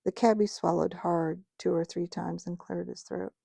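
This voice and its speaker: A woman reading a children's novel aloud in a gentle, steady storytelling manner. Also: fairly low pitch, moderate pace, gravelly, slightly rough, dry recording. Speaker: audiobook reader.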